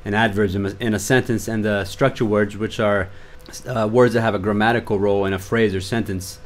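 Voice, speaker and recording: A man introducing an English lesson on sentence stress, reading from a script in a clear, measured way. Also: fairly low pitch, fairly even intonation. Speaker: English teacher.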